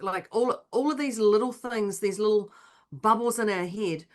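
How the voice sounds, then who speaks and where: Woman co-host, animated and chatty, acts out quotes in a middle-pitched voice. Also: a little slow. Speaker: podcast co-host. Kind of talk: casual motivational chat.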